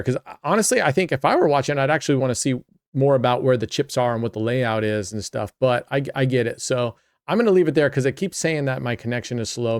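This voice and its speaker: A man's voice: medium pitch, a little mellow, no echo, clean studio sound. A man hosting a casual play-by-play of his own online roulette session, chatty and talking to himself and to viewers. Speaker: host.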